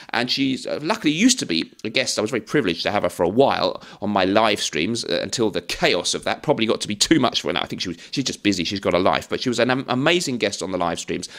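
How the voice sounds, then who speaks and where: A man's voice: medium pitch, fairly bright tone. A man in his forties giving a chatty, rambling video review with a self-deprecating streak. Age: 40s. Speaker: fragrance YouTuber. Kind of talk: casual video review chat.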